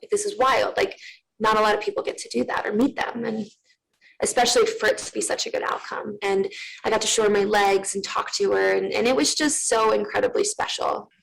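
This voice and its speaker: A woman in her thirties speaks as a guest, telling her own story. She is candid and earnest, with a gravelly rasp at the bottom of her voice, and her sentences often stop and restart. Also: medium pitch, steady tone, brisk, rough recording. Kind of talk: personal story in an interview.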